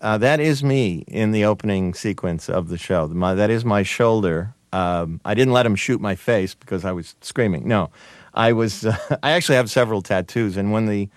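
A man being interviewed as a guest, telling stories in a halting, amused way with many restarts. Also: lowish voice, no echo, clean studio sound. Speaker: guest, TV writer and producer. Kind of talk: conversational interview storytelling.

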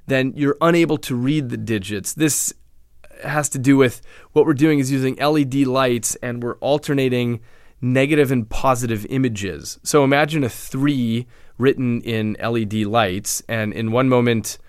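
A man, a neuroscientist guest in an interview, explaining his research in a measured way with frequent restarts. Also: medium pitch, clean tone, no room sound, studio quality. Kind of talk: interview answers.

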